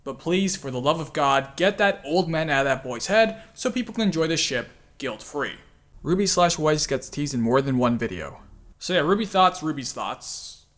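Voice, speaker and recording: A man's voice: a little high, lively intonation, moderate pace, a bit bright. A man hosting a casual video commentary, chatty and self-deprecating, with frequent laughs and filler words. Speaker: channel host and voice actor.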